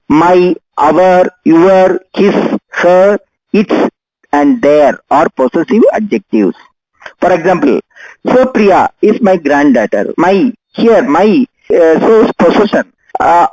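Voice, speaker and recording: An older man, teaching a grammar lesson patiently and repeating each example slowly. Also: high-pitched, darkish tone, dry recording, poor audio. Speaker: English teacher.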